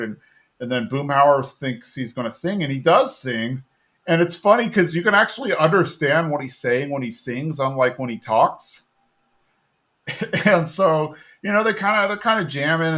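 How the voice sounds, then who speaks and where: A man's voice: medium pitch, fairly bright tone. Male podcast co-host, casual rambling recapper. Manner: rambling recap, acting out characters' lines. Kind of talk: casual chat.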